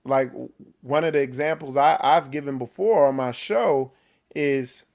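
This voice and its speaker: A man's voice: medium pitch, unhurried, creaky, a little mellow. A man hosting his own faith show, talking in an emphatic, preachy way with frequent repeats and restarts. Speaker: host of a men's faith show. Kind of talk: preachy motivational talk.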